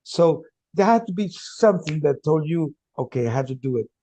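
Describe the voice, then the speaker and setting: A male podcast host with a fairly high voice. He asks questions with stammered restarts and repeated words. His voice sounds close and dry, with no room echo. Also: animated, brisk, warm tone. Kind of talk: casual conversational interview.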